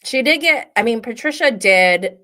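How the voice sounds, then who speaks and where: A woman hosting a casual reality TV recap, gossipy and animated, often laughing. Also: a little high, normal speed. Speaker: host.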